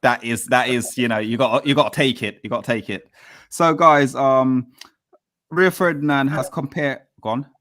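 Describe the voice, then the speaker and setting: A man's voice: medium pitch, moderate pace, a bit bright. A man hosting a casual livestream chat, plugging the channel and steering the talk from topic to topic. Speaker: show host.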